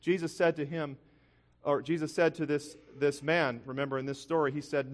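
A man preaching in a hall with long reverb, his voice sitting a touch high for a man. He tells a personal story in earnest, animated sermon style, often restarting his sentences. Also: normal speed. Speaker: pastor.

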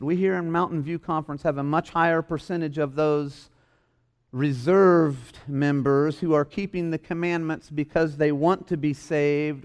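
A man's voice: fairly high pitch, darkish tone. A man preaching a sermon in a church, stressing and repeating his key phrases. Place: church hall.

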